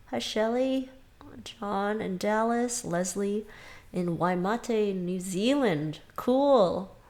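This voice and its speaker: A woman's voice: mid-range voice, darkish tone. A woman teacher hosting a casual live stream, greeting viewers one by one, slightly sick with a runny nose. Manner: chatty, reads out viewer names one by one. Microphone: webcam mic, leaning in and backing away.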